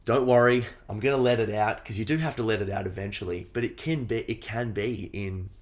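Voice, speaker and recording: A man who coaches breathing, talking as a podcast guest in an animated, playful way and often acting out little voices. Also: fairly low pitch, brisk. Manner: animated, playful, acts out voices when making a point. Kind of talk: casual conversation.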